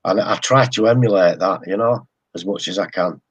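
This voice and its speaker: English man, low husky voice, halting guest chat with repeated words. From England. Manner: hesitant, repeats words, chuckles often. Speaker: guest model railroader. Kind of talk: casual live-stream chat.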